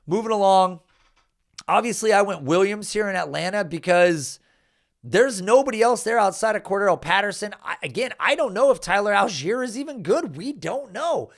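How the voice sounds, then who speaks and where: A man recapping a fantasy football draft in an animated, exasperated rant, swearing often and jumping up in pitch. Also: normal speed, vocal fry.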